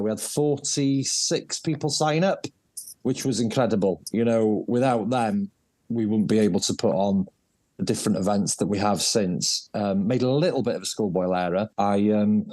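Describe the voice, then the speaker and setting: A man, a race director telling stories as a guest in a casual interview, jokey and animated. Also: lowish voice, normal speed, no room sound. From North Wales.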